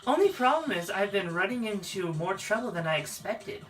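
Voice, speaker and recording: A gameplay narrator voicing a flirty, teasing female thief in a low, coy tone, with game music behind. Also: animated, normal speed, a bit bright, distant mic, lightly acted, poor audio.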